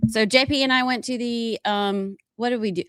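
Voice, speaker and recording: A woman's voice: on the high side, fairly even intonation, moderate pace, fairly bright tone, smooth, no room sound, studio quality. A woman co-hosting a casual political talk show, chatty and playful with a self-mocking streak. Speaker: co-host.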